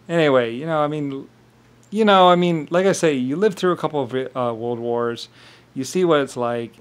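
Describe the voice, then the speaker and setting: A man talking in a rambling monologue, often laughing and mimicking others in quick quoted voices. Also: mid-range voice.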